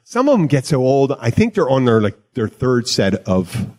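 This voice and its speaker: This podcast host, who is also a bartender, talks in a mid-range, slightly mellow voice with big pitch swings at normal speed. His casual chat is rambling and jokey, and he keeps cutting himself off.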